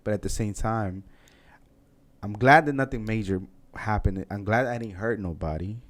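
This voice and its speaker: A man's voice: on the low side, normal speed. A man hosting a casual podcast interview, laid-back and encouraging, laughing easily. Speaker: podcast host.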